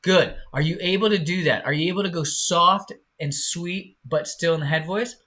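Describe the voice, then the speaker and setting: A man's voice: on the high side, sharp tone. A man teaching a live online singing lesson, encouraging his students and showing them by singing. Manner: encouraging, slow and drawn-out, demonstrates by singing.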